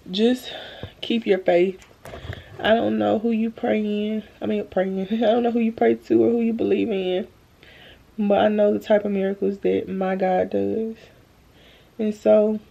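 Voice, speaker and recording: A young woman talks earnestly to her viewers on a phone camera at home, drained and holding back tears, slow and halting. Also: medium pitch, gravelly, dark tone, lo-fi sound. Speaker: vlogger. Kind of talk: emotional faith-filled vlog talk. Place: at home, bedroom.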